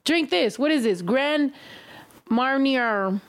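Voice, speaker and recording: Animated, profane woman hosting a livestream. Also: high-pitched, takes it slowly, clear, resonant tone, no room sound. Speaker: livestream host. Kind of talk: casual livestream chat.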